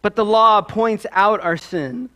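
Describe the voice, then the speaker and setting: A man's voice: high voice, slow, pushed and bright. A man with a Midwestern American accent, preaching a sermon in a conversational, storytelling way with asides. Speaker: pastor.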